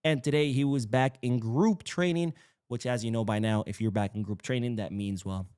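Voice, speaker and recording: A man's voice: medium pitch, moderate pace, a little mellow, clean tone. A man hosting a casual sports podcast, chatty and opinionated, wandering off into side remarks. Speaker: podcast host.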